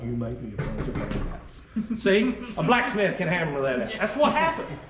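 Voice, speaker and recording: A man's voice: fairly high pitch, a bit bright, slight background noise. A man giving a casual, joking history talk to an audience, wandering off on tangents. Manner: folksy, joking, tangent-prone storyteller. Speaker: historical arms presenter. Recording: echoey room, mic far off, faint ambience.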